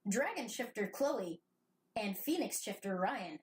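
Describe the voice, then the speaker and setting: A woman's voice: mid-range voice, animated, a little slow. Giggly woman host reading blurbs. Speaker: podcast host. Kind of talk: casual chat, reading book blurbs aloud.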